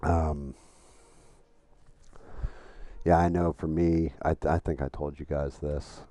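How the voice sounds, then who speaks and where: A man's voice: rumbling low, little pitch movement, normal speed, mellow, no room sound. A middle-aged man streaming a game live, chatting casually and telling rambling stories, swearing freely. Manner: profane, storytelling, rambling with restarts. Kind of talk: casual live-stream chat while gaming.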